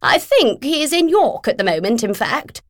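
A pompous, bellowing literary agent who steamrolls every conversation and speaks to others as if they were slow children, a woman putting her on as she reads a story. Her voice sits well above the reader's own and pushes forward in volume. It comes across close and dry. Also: high voice, sing-song, no echo, voice pushed up. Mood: brisk, imperious. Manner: bellowing, overbearing, condescending.

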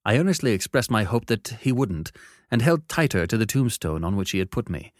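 A deep-voiced man narrating a classic novel in an expressive, measured first-person telling. His pitch rises and falls freely as he paints each scene. The room is dry and close. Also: no echo.

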